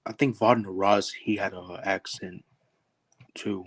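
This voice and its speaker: A man in casual chat, explaining his own characters in short, halting bursts. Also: low voice, steady tone, slightly rough, no echo.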